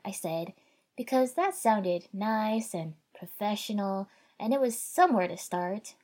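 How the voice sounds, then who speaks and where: Husky woman reading wry fan fiction. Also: medium pitch, measured pace. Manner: wry, conversational narration with loud shouted dialogue. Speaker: audiobook narrator.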